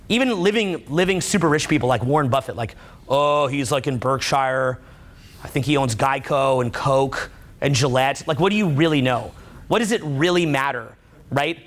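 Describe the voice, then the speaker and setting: A man speaks to a live seminar audience in a casual, rambling way, filling his sentences with "like" and checking in with "right?". His voice sits a little on the high side for a man. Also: a bit bright. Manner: rambling, heavy use of "like" and "right?".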